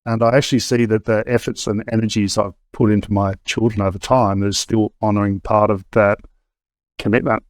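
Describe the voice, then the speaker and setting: A man's voice: fairly low pitch, fairly even intonation, brisk, no room sound. A middle-aged Australian man, a guest in an interview, telling a personal story candidly and conversationally, restarting often. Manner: conversational, with frequent restarts and fillers.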